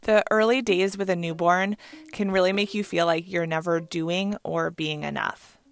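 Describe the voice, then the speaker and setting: Gravelly-voiced woman podcast host. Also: on the low side, steady tone, moderate pace. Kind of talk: reflective podcast narration.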